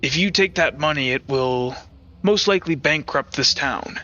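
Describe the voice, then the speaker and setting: A man voicing a weary, earnest temporary town sheriff in a tabletop game, speaking haltingly with many pauses. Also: a little high, pushed and bright, dull audio. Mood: persuasive. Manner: hesitant, measured, earnest. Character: weary middle-aged male temporary sheriff. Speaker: game master voicing a character.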